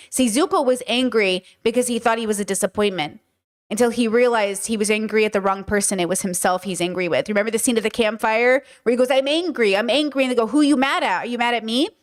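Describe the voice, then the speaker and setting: A woman's voice: mid-range voice, quick pace. A woman hosting a livestream, giving impassioned, emphatic commentary with frequent swearing and fillers. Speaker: livestream host.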